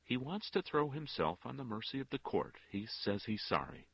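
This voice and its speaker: A composed woman lawyer speaks in low, musical tones. The delivery is husky and close, on a dull, lo-fi recording, with a man voicing her. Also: very animated, normal speed, no echo. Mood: calm.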